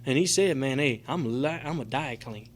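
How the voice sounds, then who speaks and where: A middle-aged man of medium pitch speaks at normal speed in an animated way. In a convention meeting room, the recovery convention speaker gives his recovery group an emotional, profane testimony that rambles and leans on "man" and "you know."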